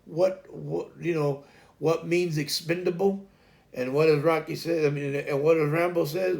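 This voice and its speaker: A gravelly, slightly high-pitched man chats casually on his livestream. He rambles through a shop story and plays both sides of the conversation himself. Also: fairly even intonation, unhurried, a little mellow. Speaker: livestream host.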